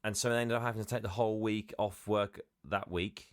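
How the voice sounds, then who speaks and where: A man's voice: fairly low pitch, steady tone, a little fast, dry recording, clean studio sound. A man co-hosting a podcast, talking casually and hesitantly, often laughing. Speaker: podcast co-host. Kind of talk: casual chat.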